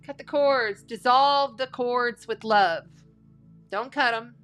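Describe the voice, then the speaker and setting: A woman's voice: fairly high pitch, slow pace, fairly bright tone, soft background music. A woman giving a casual spiritual tarot and astrology reading, chatty and folksy, repeating phrases for emphasis.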